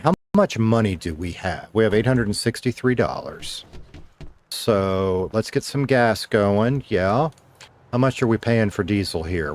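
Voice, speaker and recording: A man with a fairly low voice comes through with a little hiss or hum. He rambles casually while streaming a game, flipping between talking to himself and greeting chat.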